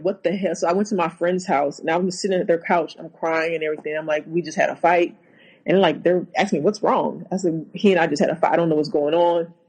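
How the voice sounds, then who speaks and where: A woman telling her own story as a podcast guest, halting and repeating herself, acting out what was said. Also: lowish voice, a little mellow, husky, low-quality recording. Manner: halting, repeats words, acts out quotes. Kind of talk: personal account in a podcast interview.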